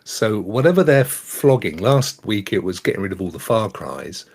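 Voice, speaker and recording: A man's voice: on the low side, moderate pace, creaky, husky. A man co-hosting a gaming talk show, chatting casually and joking around with a lot of laughter. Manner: jokey, animated, laughs often. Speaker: podcast co-host. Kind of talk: casual chat.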